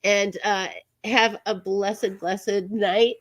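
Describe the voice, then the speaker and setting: A woman hosting an online show, chatting casually as she signs off, halting with many fillers and frequent laughs. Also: lowish voice, lively intonation. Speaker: show host. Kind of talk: casual live-stream sign-off chat.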